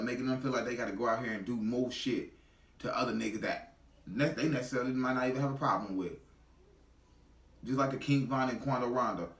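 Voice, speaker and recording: A man's voice: mid-range voice, distant mic. Angry guy going off on a reaction vid, cussing nonstop, middle voice, echoey room. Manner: heated, profane, repetitive street slang. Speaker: reaction video commentator. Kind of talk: ranting reaction commentary.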